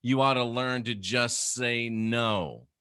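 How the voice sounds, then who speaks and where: A man's voice: mid-range voice, slow, bright, forceful tone, smooth, dry recording, studio quality. A middle-aged man, a former minister, delivering a sarcastic, scornful ranting monologue to camera. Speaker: former minister turned critic.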